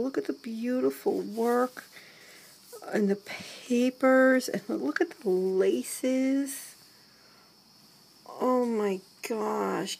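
A woman vlogger unboxing a handmade gift, gushing and gasping, often dropping into soft whispers as she talks to the camera she holds. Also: mid-range voice, vocal fry. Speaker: crafting vlogger. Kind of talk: excited unboxing chat to camera. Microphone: handheld camera mic.

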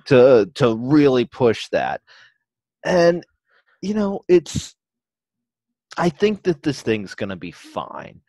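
A man co-hosting a casual podcast, talking in a middle pitch. He rambles, circles back and restarts sentences as he works out his point. His voice is close and dry, with no room sound. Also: big pitch swings, slow pace, long pauses, dark tone, no echo. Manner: rambling, restarts and trails off mid-thought. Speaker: podcast co-host.

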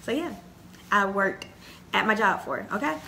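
A young woman rattles on to her viewers, chatty and easily excited. Her voice sits at a middling pitch, crisp and bright, with a gravelly fry running through it. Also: normal speed, slight background noise. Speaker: haul vlogger. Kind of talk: casual chat to camera.

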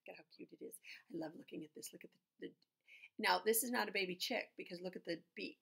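A woman's voice: lowish voice, quick pace, creaky, a bit bright, husky. A woman reading a picture book aloud, breaking off into chatty asides and acting out the animal sounds. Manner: chatty asides to the listener between pages. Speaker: storybook reader.

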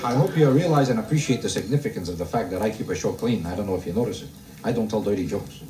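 A man doing a stand-up routine for a live audience, grumbling deadpan and tossing rhetorical questions at the crowd. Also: lowish voice, quick pace. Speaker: stand-up comedian. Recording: roomy live club recording, mic heard from a distance. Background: audience laughter.

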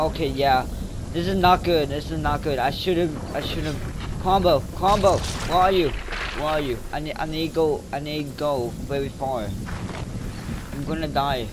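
A man hosting his own gaming channel, giving live gameplay commentary that swings between muttering to himself and panicked yelling. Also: a little high, moderate pace, background noise.

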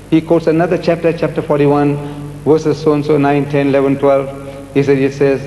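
An older man with a high voice answers questions from a debate audience, animated and rhetorical, hammering points home by repetition. The sound carries the long echo of a large hall, with faint music underneath. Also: moderate pace. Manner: animated, rhetorical, repeats words for emphasis. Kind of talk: public debate Q&A.

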